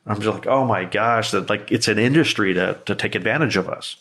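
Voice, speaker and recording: Male podcast host, fairly low pitch, easygoing conversational chat, playful asides. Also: fast talker, fairly bright tone. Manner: chatty, playfully acts out stalling scammers.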